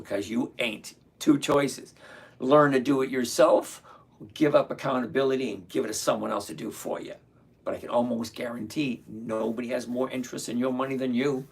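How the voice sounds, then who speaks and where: A man's voice: mid-range voice, vocal fry, slightly rough. A man in his sixties hosting a casual live stream, blunt and ranting, greeting viewers by name. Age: 60s. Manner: blunt, ranting, self-mocking.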